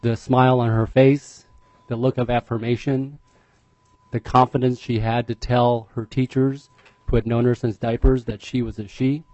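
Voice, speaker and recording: A man's voice: mid-range voice, flat delivery, darkish tone, no room sound, lo-fi sound. Earnest, emotional father testifying. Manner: earnest, emotional, halting repetitions. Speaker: parent testifying at a legislative hearing. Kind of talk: public testimony.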